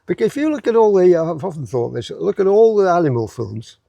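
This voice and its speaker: A man's voice: sits high, sing-song, quick pace, creaky, warm tone, no echo, lo-fi sound. A man, a guest in a casual chat who repeats words while he finds them. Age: 80s.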